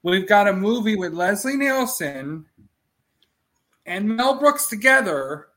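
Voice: medium pitch, expressive, slow pace, fairly bright tone. A guest in a casual chat, retelling film scenes and laughing a lot.

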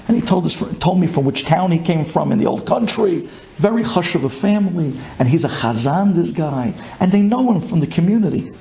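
A man from Brooklyn, telling a personal story with excitement, dropping low and then bursting into shouts. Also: a little fast, vocal fry, slight background noise. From Brooklyn, USA. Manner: excitable, swings from hushed to shouting.

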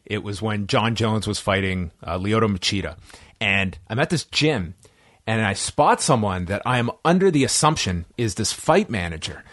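A man who interviews people for media, chatting casually in a rambling way and correcting himself as he goes. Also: fairly low pitch. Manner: rambling, self-correcting storyteller.

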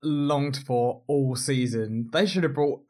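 A woman's voice: very deep voice, takes it slowly, mellow. A woman co-hosting a casual podcast, dropping short, dry, emphatic comments about a reality show. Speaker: podcast co-host.

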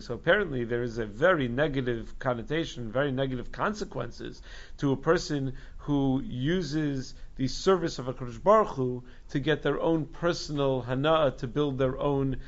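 A man teaching a casual Torah lesson as a rabbi, with frequent halting restarts and fillers. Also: mid-range voice, lo-fi sound. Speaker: rabbi teaching Jewish law.

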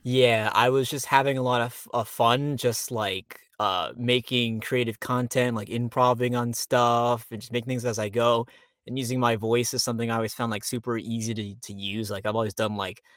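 A man's voice: medium pitch, flat delivery, moderate pace, a bit bright, no echo, clean studio sound. A young man from Florida, a voice actor guest, chatting loosely with lots of fillers in an interview. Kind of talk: casual interview.

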